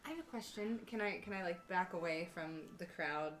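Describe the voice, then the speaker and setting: A woman's voice: on the low side, a little fast, a bit bright, a little hiss or hum. A woman playing a tabletop game, asking cautious questions in character. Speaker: player. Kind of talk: tabletop role-play.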